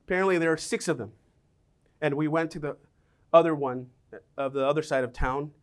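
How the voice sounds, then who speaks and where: A middle-aged man preaching a sermon, telling personal stories with lively, animated delivery and voicing the people in them. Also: a little high, a little fast. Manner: animated storytelling, acts out quoted voices.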